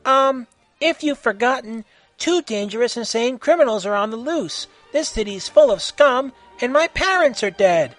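A man's voice: extremely high pitch, lively intonation, normal speed, soft background music, voice pushed up. A man voicing a gritty, hot-tempered female vigilante hero who barks threats in an amateur audio story. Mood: angry. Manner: shouting, barking threats.

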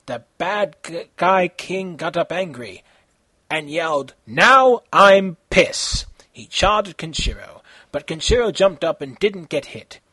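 Man, amateur story reading, halting, self-correcting, husky, dry sound. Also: fairly high pitch, expressive, a bit bright, no room sound. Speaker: fan fiction author reading his story.

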